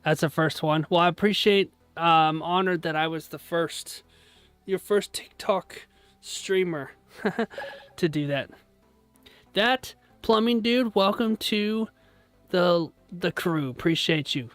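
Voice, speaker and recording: A fairly high-voiced man hosts a live stream in a loose, joking tone, chatting with viewers and thanking them as he goes. Faint music runs in the background. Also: slow, a bit bright, clear, resonant tone, no echo. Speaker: live-stream trading host. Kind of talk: casual live-stream chat.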